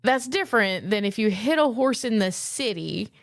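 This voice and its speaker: A woman trades blunt, playful banter as a podcast co-host. Her voice sits at a middle pitch. It is recorded dry and close. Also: expressive, normal speed, no room sound. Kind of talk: casual chat.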